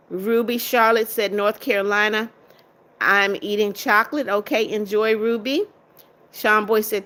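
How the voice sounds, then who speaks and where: Chatting through a casual live stream, a middle-aged American woman reads viewer comments aloud and answers each in turn. Her medium-pitched voice is bright and clear, and her talkative flow stays easygoing.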